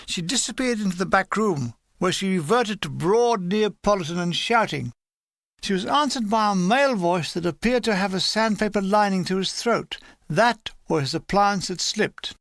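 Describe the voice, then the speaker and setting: A man's voice: high voice, lively intonation, moderate pace, fairly bright tone, no room sound. A man reading a humorous war memoir aloud in a dry, playful storytelling manner. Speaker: audiobook reader.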